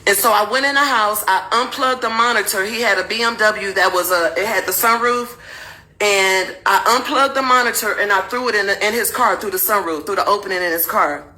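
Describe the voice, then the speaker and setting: A woman's voice: medium pitch, brisk, rough recording. A woman telling her own story to viewers candidly and animatedly. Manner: animated, acts out quotes in raised voice.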